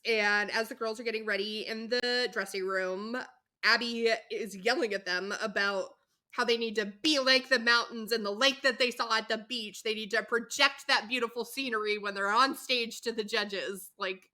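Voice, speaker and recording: A woman's voice: a little high, fairly even intonation, normal speed, sharp tone. A woman co-hosting a podcast, recapping a TV show in casual chat, candid and exasperated, swearing and laughing as she goes. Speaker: podcast co-host recapping episodes.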